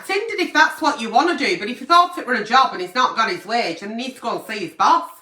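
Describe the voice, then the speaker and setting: A woman's voice: sits high, sharp tone, distant mic. A woman hosting a late-night agony aunt show, blunt and brash and swearing constantly as she gives advice. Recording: echoey room, away from mic.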